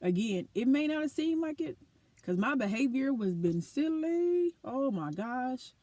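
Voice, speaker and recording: Her voice sits high, with big pitch swings, a measured pace, and a mellow quality, and the recording has no room sound. She's an adult vlogger with a school-age daughter, earnestly and animatedly reflecting on her life to the camera.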